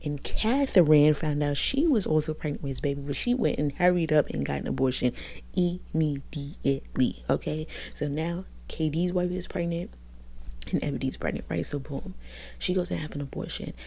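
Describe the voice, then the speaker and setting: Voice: mid-range voice, brisk, creaky, mellow. A book reviewer giving a casual, gossipy, profane recap of a novel's plot, talking straight to viewers.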